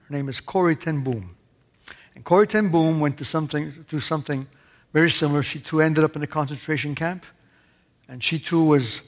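A man preaches in a church with a voice pitched a little high. He leans hard on key words, then drops to near-hushed asides. His voice rings out with a long hall echo. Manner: emphatic, swings between loud stresses and hushed asides. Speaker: pastor. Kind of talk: sermon.

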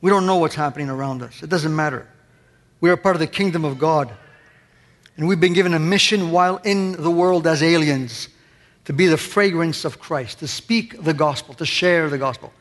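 A male pastor delivers an impassioned sermon in a high voice and keeps pressing the congregation with question after question. His words ring out with a long reverb, as if in a large hall. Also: moderate pace.

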